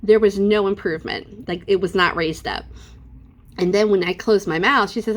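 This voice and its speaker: A middle-aged woman with a medium-pitched voice speaks at normal speed in an unscripted home vlog. She gabs sassily with viewers and performs what others said using exaggerated voices.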